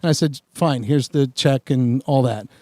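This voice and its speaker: A podcast host tells a long, embarrassing story in a rambling, self-mocking way full of filler words, as part of a casual storytelling chat. His mid-range voice is mellow, moderately paced and without echo.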